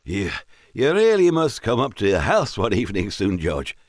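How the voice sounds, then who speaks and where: A man's voice: lowish voice, huge pitch swings, moderate pace, no room sound, studio quality, heavily acted. Man putting on a slurring drunk squire. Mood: tipsy jovial. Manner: slurred, jovial, rambling. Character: merry drunk middle-aged Scottish squire.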